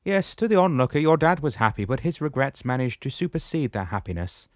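A man puts on a wise old shepherd with a raised, carrying voice that sounds calm and patient as he lectures. He lays each point out gently for the younger ones, in a dry, close audiobook recording. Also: mid-range voice, a little fast, no echo, voice pushed up, close to an everyday voice. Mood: calm explaining.

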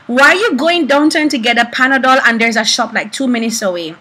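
A young woman prophetess teaching about prophecy through animated personal stories, acting out the people she quotes. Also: on the high side, fairly quick, slightly rough, rough recording. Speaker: prophetess and preacher.

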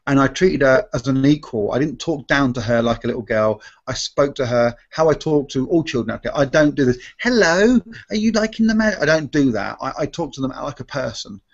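A man's voice: mid-range voice, fairly quick, few pauses. A man, a restaurant magician, casually telling stories in a live Q&A and correcting himself as he goes. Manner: rambling, self-correcting, acts out quoted voices. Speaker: restaurant magician and comedy performer. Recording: dull lo-fi stream audio.

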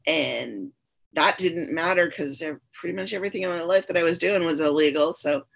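This woman, a guest on a podcast, speaks in a low, creaky voice at a moderate pace. She recounts her own story candidly and sincerely, repeating phrases often to stress them.

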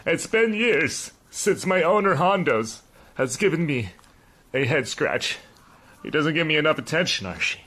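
A man's voice: a little high, big pitch swings, unhurried, bright, forceful tone, husky, voice pushed up, full character voice. A man voicing a neglected male house cat who pleads for head scratches. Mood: pleading. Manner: pleading, whiny complaints.

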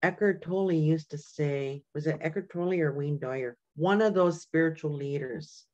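Older woman from Canada, community elder, unhurried and low, muffled call audio. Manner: warm storytelling, frequent "right?" and "you know". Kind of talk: informal teaching talk.

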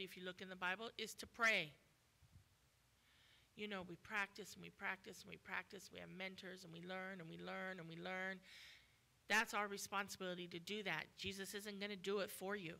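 Woman, guest preacher, sermon, forceful bright tone, emphatic and repetitive. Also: mid-range voice, creaky.

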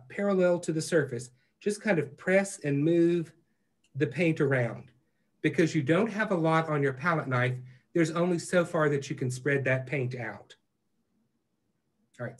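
A man teaching a live online painting class, talking in a relaxed, reassuring way with plenty of fillers. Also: a little high. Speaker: painting instructor.

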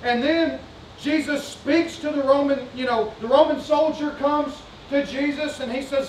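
A pastor with a strikingly high voice preaches with fervor, circling back on his points and putting questions to the congregation. He sounds a little off-mic, and his voice rings through a reverberant church sanctuary with faint room ambience behind it. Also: steady tone, normal speed, recorded from a distance, a little hiss or hum. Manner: fervent, repetitive, asks the congregation questions. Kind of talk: sermon.

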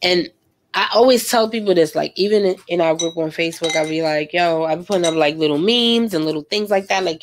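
Young woman, art vlogger, slangy, emotional casual chat, lowish voice. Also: fairly quick, a little hiss or hum. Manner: chatty and emotional, lots of fillers and slang. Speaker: art vlogger painting live. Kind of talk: casual chat while painting.

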